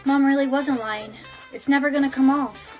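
Very high-pitched synthetic female voice. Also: fairly even intonation, normal speed, darkish tone, faint music behind. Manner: synthetic, evenly paced computer voice. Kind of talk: text-to-speech storytime dialogue.

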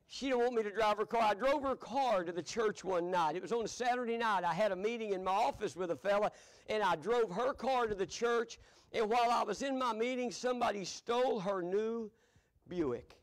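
In a church sanctuary, an older pastor with a drawl delivers a storytelling sermon full of folksy tales. His voice is high for a man, and he chuckles easily between lines.

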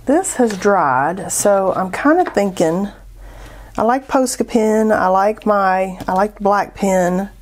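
A woman's voice: medium pitch, animated, slow pace. A woman with a Southern accent, chatting casually and thinking aloud as she hosts an art tutorial.

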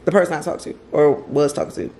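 A woman's voice: deep voice, sing-song, quick pace, warm tone. A woman vlogger telling a story to camera from home in a casual, emotional way, repeating herself and using slang.

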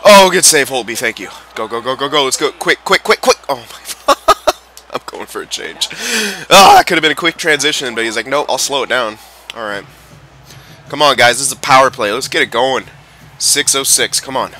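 Young male gamer, animated and bright, reacting loudly to gameplay. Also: mid-range voice, normal speed, slight background noise. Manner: excitable, swears and yells at players. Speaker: gameplay commentator. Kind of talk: live game commentary.

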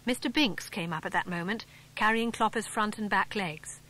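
English woman reading a children's adventure story. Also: bright, forceful tone. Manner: voices the characters with small pitch lifts, clear and measured. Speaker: audiobook narrator. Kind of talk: scripted storybook narration.

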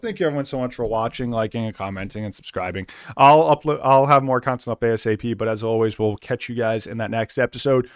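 A young man with a Boston accent chats loosely over a game in a middle-pitched voice. His talk rambles and then jumps into sudden excitement. Soft game music plays faintly underneath. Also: quick pace, hardly any pauses, clean tone, dry recording, clean studio sound. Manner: rambling and chatty, with bursts of excitement. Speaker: gaming channel host. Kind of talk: casual let's play commentary.

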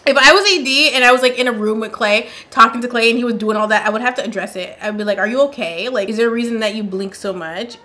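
Woman vlogger, casual sassy chat, bright and sharp tone. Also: on the high side. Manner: sassy, playful, laughs often. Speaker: reaction vlogger.

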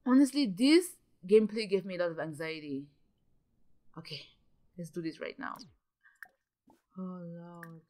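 A young woman giving casual, excitable commentary while playing a video game, gasping and exclaiming often. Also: fairly low pitch, unhurried, long pauses. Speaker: gaming channel host.

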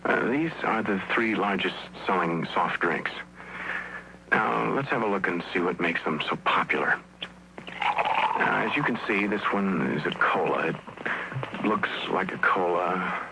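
Man, deep voice, calm commercial presenter, measured, noisy vintage recording. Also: creaky. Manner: calm, measured, dryly explaining. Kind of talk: scripted TV commercial pitch. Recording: noisy old TV soundtrack.

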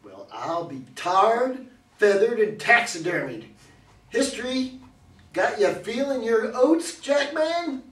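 A man's voice: extremely high pitch, big pitch swings, slow, fairly bright tone, heavily acted. A man playing a boastful old cowboy showman. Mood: cocky, folksy. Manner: folksy drawl, hammy and salesman-like. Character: boastful older male cowboy running a roadside museum. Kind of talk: reader's theater stage reading. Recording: echoey hall from far off.

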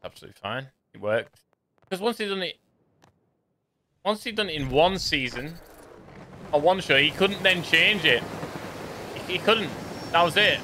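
A man's voice: a little high, animated, moderate pace, pauses often, pushed and bright, slight background noise. A man chatting casually and joking while he plays, often rambling and trailing off. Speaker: gaming streamer. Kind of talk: casual gameplay commentary.

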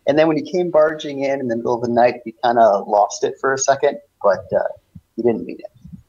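A man's voice: medium pitch, brisk, a little mellow. A man playing in a tabletop game over voice chat, talking hesitantly with many restarts. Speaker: player. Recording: dull lo-fi online voice chat.

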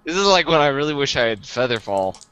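A man's voice: medium pitch, very animated, quick pace, sharp tone, clear, resonant tone. A man playing a tabletop game, unsure and thinking aloud as he decides. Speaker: player. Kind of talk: casual tabletop play.

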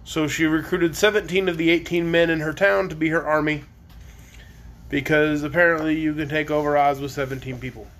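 A man's voice: on the high side, steady tone, brisk, fairly bright tone. A man reading a children's chapter book aloud on a live stream, with casual, chatty asides between chapters.

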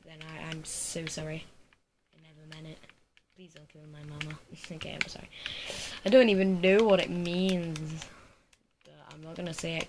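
A voice rambles and giggles through silly let's play commentary, low and gravelly in tone. The recording is noisy, with keyboard clicks clattering behind. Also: female voice. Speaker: gaming video creator.

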